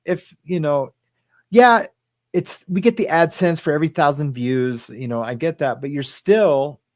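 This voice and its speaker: A man co-hosting a casual chat, rambling through stories with halting restarts and frequent laughter. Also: on the high side, a little mellow, dry recording. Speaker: co-host.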